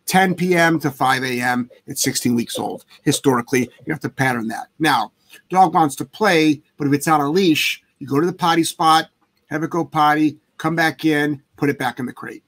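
A man's voice: a little high, moderate pace, fairly bright tone. A man hosting a casual live chat as a dog trainer, talking bluntly and emphatically with plenty of swearing. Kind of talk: casual livestream chat answering viewer questions.

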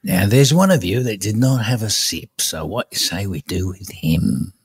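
Man, very deep, raspy, put-on English voice, coaxing, dry sound. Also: expressive, normal speed, no echo. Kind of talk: improvised comedy sketch.

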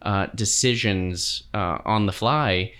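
A middle-aged man, a TV director, answering interview questions in a reflective, measured way with frequent fillers. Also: on the low side, fairly bright tone, clear, resonant tone. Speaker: TV director, guest.

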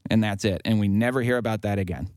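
A man with a fairly low voice talks through a film's opening scene in a relaxed discussion, filling gaps with "uh" and "like." The sound is dry and close to the mic. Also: fast talker, clear, resonant tone, no echo. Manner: long retelling of a story with acted quotes, many fillers. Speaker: podcast panelist. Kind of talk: casual film discussion.

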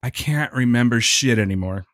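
A man's voice: medium pitch, moderate pace, dry recording. A man hosting a podcast in casual, joking chat with his guests. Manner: animated, jokey, playful radio-voice bits. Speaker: podcast host.

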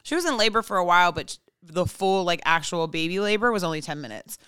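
A woman's voice: fairly low pitch, lively intonation, fast, fairly bright tone, clear, resonant tone, no echo, clean studio sound. A woman guest telling funny family stories in casual chat, acting out the people she quotes. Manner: comic storyteller, acts out quoted voices. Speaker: podcast guest. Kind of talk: casual storytelling.

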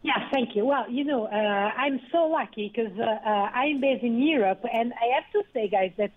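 A woman with a high, somewhat breathy voice answers over a tinny phone line. She speaks in a friendly way, pausing on fillers. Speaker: chief strategist guest. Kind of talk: radio interview.

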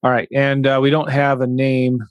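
A man coaching real estate investors on a live online webinar, talking in an energetic, conversational and emphatic way. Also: medium pitch, moderate pace, smooth, no room sound, muffled recording.

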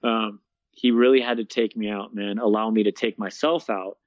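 A young man, a guest, casually telling his story in an interview, animated and laughing often, peppering his talk with "man" and "bro.". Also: fairly low pitch, moderate pace, no echo. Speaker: guest, fitness coach and speaker. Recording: dull, dry lo-fi sound.

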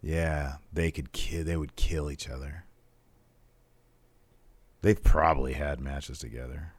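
A man's voice: rumbling low, fairly even intonation, slow, dry recording. A man co-hosting a casual wrestling chat show, laid-back, laughing easily and reading out fan questions. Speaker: podcast co-host.

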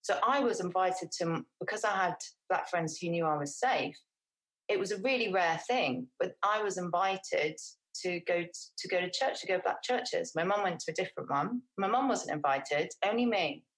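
A middle-aged woman from England chats as an interview guest in a slightly low voice. She rambles, restarts her sentences and fills pauses with little fillers. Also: animated, a bit bright, rough recording. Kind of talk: casual interview conversation.

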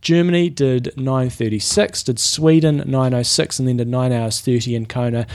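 A man's voice: mid-range voice, steady tone, moderate pace, darkish tone. A man with a New Zealand accent co-hosting a casual podcast, chatty and thinking aloud as he looks things up. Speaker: podcast co-host. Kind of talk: casual chat.

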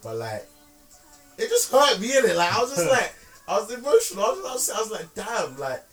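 Guy rambling animated stories on a podcast, kinda high voice, sounds a bit off-mic. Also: a little fast, recorded from a distance, soft background music. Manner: animated, slangy storytelling with frequent restarts. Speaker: podcast co-host. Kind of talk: casual chat.

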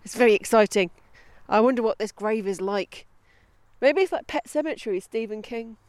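A woman's voice: fairly high pitch, normal speed, a little mellow, no room sound. A woman hosting a podcast outdoors on a woodland path, chatting casually, giggling and breaking off into asides while reading aloud. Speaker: podcast host.

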